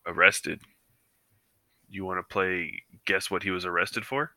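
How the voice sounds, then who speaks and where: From a living room couch, a podcast co-host with a deep, steady, unhurried voice, pushed and bright in a dry recording, chats casually. He rambles through stories full of fillers and acts out what people said.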